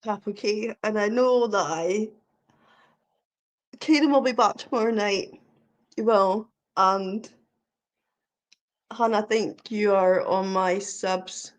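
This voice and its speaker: A middle-aged Scottish woman hosting a casual live stream, chatty and giggly, fumbling with the software as she talks to viewers. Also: mid-range voice, steady tone, slow pace, long pauses. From Scotland.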